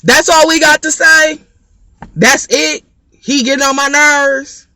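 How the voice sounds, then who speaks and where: A woman's voice: sits high, steady tone, slow, pushed and bright. A woman, a parent, delivering a blunt, heated rant to camera full of cursing. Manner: blunt, profane, fired-up. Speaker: parent vlogger.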